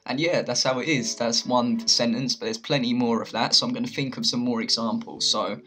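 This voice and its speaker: A man's voice: mid-range voice, steady tone, fairly quick, few pauses, sharp tone. A young man with a London accent, explaining slang to camera in a loose, chatty way. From England. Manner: chatty, loose, with many "like"s and restarts. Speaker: video host teaching slang.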